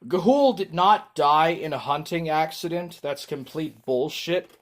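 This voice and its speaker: A man's voice: fairly high pitch, lively intonation, unhurried. A man chatting casually on his livestream, rambling with frequent ums while reading chat.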